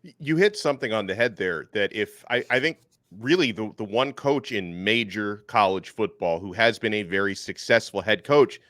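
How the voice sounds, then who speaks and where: A man hosts a sports talk podcast, working through his points in a conversational, analytical way. His voice is bright and forceful, recorded dry and close. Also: lowish voice, moderate pace, no echo. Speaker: podcast host.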